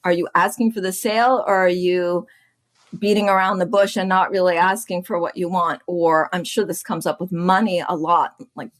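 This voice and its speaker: Animated woman coach with a chatty laugh. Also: lowish voice. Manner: animated, laughs often, acts out quotes. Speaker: podcast guest, business coach. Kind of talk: casual chat.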